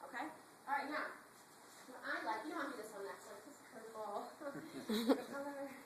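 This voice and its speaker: A woman giving a chatty sales pitch at a meeting, telling stories and asking the audience questions. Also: sharp tone. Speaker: sales director recruiting at a meeting. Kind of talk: animated sales presentation to a group. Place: meeting room before an audience. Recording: echoey room with noise.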